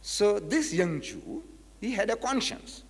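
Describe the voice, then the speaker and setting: A man delivers a lecture in a slightly high, very lively voice. He reads passages from a book and drives his argument home with emphatic rhetorical questions. His voice carries a long echo, as in a large lecture hall. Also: slow pace, husky. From South Africa. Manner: emphatic, rhetorical questions, acts out quoted speakers. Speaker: Islamic lecturer. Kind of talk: public lecture, reading quotes from a book.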